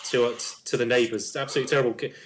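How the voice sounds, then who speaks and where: A man's voice: medium pitch, steady tone, racing, lightly acted. A man voicing a nervous, chatty woman neighbour in a tabletop game, rambling and hesitant with many ums and restarts. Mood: anxious.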